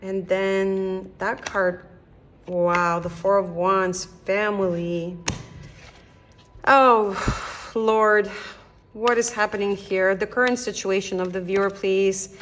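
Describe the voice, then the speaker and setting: A young woman from Canada reads tarot in a loose, chatty monologue, her voice sitting in the middle of the usual range. She speaks gently and encouragingly to the viewer, meandering as she thinks aloud. A faint hiss lies under her voice. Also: mid-range voice, steady tone, takes it slowly. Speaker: tarot reader. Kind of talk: casual tarot reading monologue.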